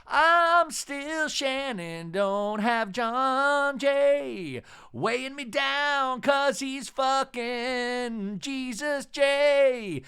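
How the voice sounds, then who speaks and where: A man doing a brash, shrill defiant woman. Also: animated, extremely slow, few pauses, sharp tone, clean tone, full character voice. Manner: shrill mocking impression of a woman.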